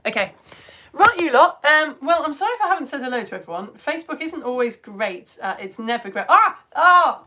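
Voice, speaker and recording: A woman in her thirties hosts a live science stream for children. She chats to viewers in a bubbly, animated way, gushing over their pictures and comments. Her voice sits a little high. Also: a little fast.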